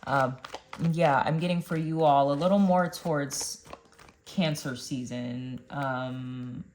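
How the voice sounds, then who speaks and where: A woman's voice: a bass voice, fairly even intonation, takes it slowly, a little mellow, slight background noise. A young woman giving a casual tarot card reading, chatting to her viewers with plenty of ums and uhs. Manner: chatty, addresses viewers directly with many fillers. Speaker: tarot reader.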